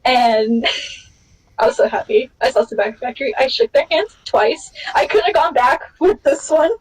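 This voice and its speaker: High-voiced excitable woman podcast host. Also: normal speed, slight background noise, low-quality recording. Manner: excitable storyteller, acts out quotes with big pitch jumps. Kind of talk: casual podcast chat.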